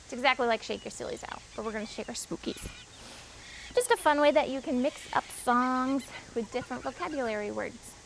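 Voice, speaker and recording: A woman, a children's librarian, reading a picture book aloud at storytime with expressive voices and asides to the children. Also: high voice, fairly quick, gravelly, slight background noise, rough recording.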